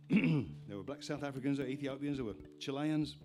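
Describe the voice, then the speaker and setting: Man, folk performer, live stage banter, meandering and self-interrupting, clear guitar behind. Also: mid-range voice, normal speed. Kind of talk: rambling stage patter between songs. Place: live music venue on stage. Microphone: stage vocal mic with monitor.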